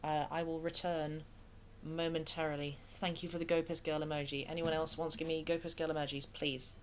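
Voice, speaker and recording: A woman's voice: sits low, little pitch movement, a little fast, a little hiss or hum. A woman from England chatting casually and getting sidetracked while streaming a video game from her bedroom. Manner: chatty, self-deprecating, easily distracted. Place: home bedroom.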